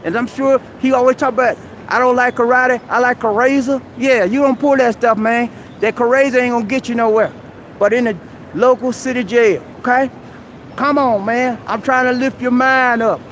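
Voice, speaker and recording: Very high-voiced man preaching outdoors. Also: steady tone, moderate pace, a little hiss or hum. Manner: preachy, exhorting, keeps calling the listener "man". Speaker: live-stream host. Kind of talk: motivational advice rant. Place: outdoors at a busy shopping mall.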